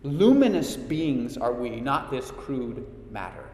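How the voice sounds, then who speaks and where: A man quoting a tiny, wise, ancient male alien master, speaking slowly in inverted sentences, in a room with a long echo. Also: mid-range voice, sing-song, dark tone, pitched below the performer's own voice. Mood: solemn. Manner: slow, measured, inverted sentences. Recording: echoey hall reverb.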